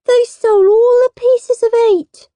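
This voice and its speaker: A woman's voice: very high-pitched, fairly even intonation, unhurried, dark tone, pitched above the performer's own voice. A woman reading a storybook and voicing a prim, easily frightened young boy who wails and panics. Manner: wailing, panicky.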